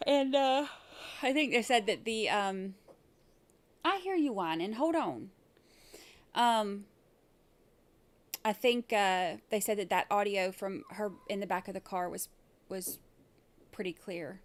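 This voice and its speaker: Speaking slowly in a mid-range voice, a woman runs a live trial commentary stream, talking in a chatty, meandering way packed with filler words.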